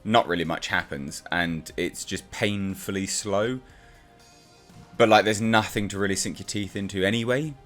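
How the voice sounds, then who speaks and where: A man's voice: fairly low pitch, normal speed, fairly bright tone, soft background music. A man reviewing a comic book in a casual, exasperated and sarcastic rant.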